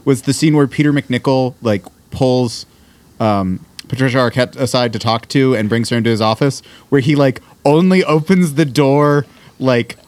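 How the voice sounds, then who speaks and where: A man co-hosting a podcast, animated and incredulous as he laughs through a TV recap. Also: medium pitch, moderate pace. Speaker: podcast co-host. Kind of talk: casual chat recapping a TV episode.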